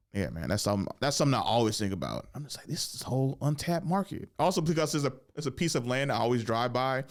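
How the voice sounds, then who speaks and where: A man in his thirties, a comedian hosting a podcast, talking casually in a rambling, profane, animated way in a podcast studio. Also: fairly low pitch, smooth. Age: 30s.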